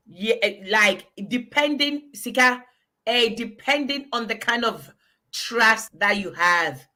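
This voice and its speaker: A woman with a Ghanaian accent, guest on a casual talk show, telling animated stories and often breaking into laughter. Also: mid-range voice.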